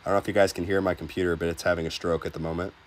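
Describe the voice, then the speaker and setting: Speaking rapid-fire in a low, flat voice, a male streamer reads viewer comments from his casual game livestream. His tone is easygoing and humorous, he restarts often, and there's slight background noise.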